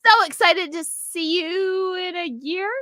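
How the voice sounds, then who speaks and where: A high, bright-toned woman in her thirties co-hosts a casual podcast. She rambles, swears freely and keeps breaking into giggles. Her voice is close and dry. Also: slow pace, dry recording. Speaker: podcast co-host. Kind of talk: casual chat.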